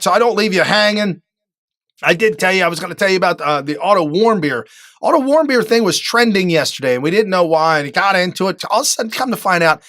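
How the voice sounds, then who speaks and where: High-pitched guy ranting on his talk show, dry close mic, lots of uh uh restarts. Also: no echo. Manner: animated, emphatic, frequent fillers and restarts. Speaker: political talk show host. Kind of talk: live political talk show monologue.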